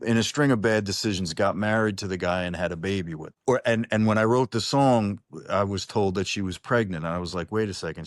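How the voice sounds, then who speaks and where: A man with a lowish voice chats as a musician guest over a video call. He rambles, stumbles and restarts, and drops a friendly "brother" or "man". The sound is dry with no room echo. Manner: rambling, many restarts, calls the host "brother". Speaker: singer-songwriter guest. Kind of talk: casual online interview.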